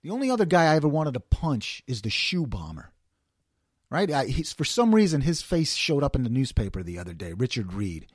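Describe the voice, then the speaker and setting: A man's voice: medium pitch, very animated, brisk, dry recording, clean studio sound. A man hosting an opinionated solo commentary, ranting and firing off rhetorical questions. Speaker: host.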